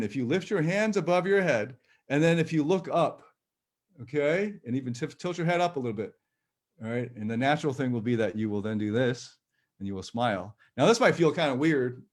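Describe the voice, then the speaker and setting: Gently encouraging male workshop coach. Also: mid-range voice, animated, fairly quick. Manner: chatty, with light laughs and restarts. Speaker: personal growth coach. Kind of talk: live-streamed workshop instruction.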